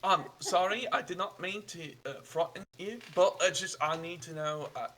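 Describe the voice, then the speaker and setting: A man's voice: high-pitched, a bit bright, a little hiss or hum, pitched above the performer's own voice. A man voicing a polite young male traveler, cold from a long journey, who speaks in broken sentences. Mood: apologetic. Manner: halting, hesitant, apologetic.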